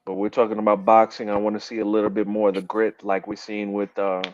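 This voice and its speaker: A man's voice: fairly low pitch, monotone, quick pace, muffled recording, a little hiss or hum. A man co-hosting a podcast in casual chat, telling stories loosely with fillers and frequent laughs. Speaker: podcast co-host.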